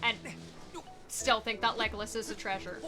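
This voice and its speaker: A woman's voice: mid-range voice, level tone, moderate pace. A woman streamer chatting casually during a speedrun, reading chat aloud and laughing often. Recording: game music playing behind.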